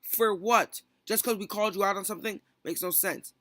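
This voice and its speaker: A young man vents in a heated callout vlog stream, ranting rapidly and piling on fillers and rhetorical questions. His voice is high and bright with fairly even intonation, and the recording is close and dry with no room sound.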